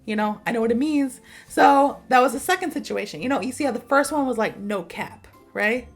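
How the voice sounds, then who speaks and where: A woman in her thirties teaches slang through a chatty personal story, slipping into the voices of the people she quotes. Her voice sits fairly high. Soft music plays faintly under her talk. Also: brisk. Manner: chatty, animated, acts out quotes. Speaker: English teacher. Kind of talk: casual storytelling lesson.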